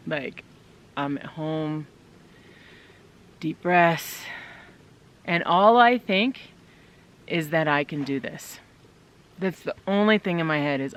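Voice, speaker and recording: A solo winter camping vlogger chats casually and upbeat to her viewers from inside her tent in the snowy woods. Her voice sits low and sounds animated, at a slow pace with long pauses.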